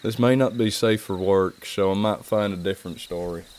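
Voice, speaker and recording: A man's voice: sits low, normal speed, a little mellow, slight background noise. A young English man chatting casually on a charity live stream, rambling and self-mocking. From England.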